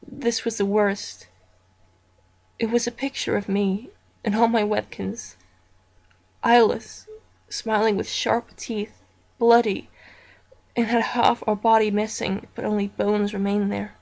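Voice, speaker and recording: A woman reading a horror story aloud as narrator, in a slow, deliberate storytelling manner. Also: mid-range voice, level tone, gravelly, darkish tone.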